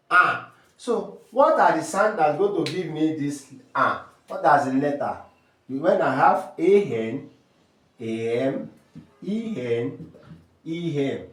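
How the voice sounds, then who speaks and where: A man's voice: a little high, distant mic. A man with a Nigerian accent teaching French sounds step by step, repeating terms and asking rhetorical questions. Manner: slow, repetitive drilling with rhetorical questions. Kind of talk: step-by-step language lesson. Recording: echoey room, voice from off-mic.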